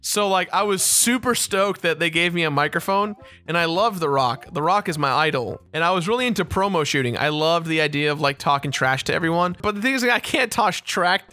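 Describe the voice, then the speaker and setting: Bright-voiced man telling animated stories. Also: a little high, a little fast, hardly any pauses, faint music behind. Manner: animated, laughing, swears casually. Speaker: let's play host. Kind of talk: casual storytelling over gameplay.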